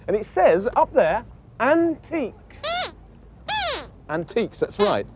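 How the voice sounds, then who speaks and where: A man's voice: sits high, heavy background noise. A man with a British accent presenting a children's show, talking playfully and patiently to a puppet. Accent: British English. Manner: animated, teasing, patient.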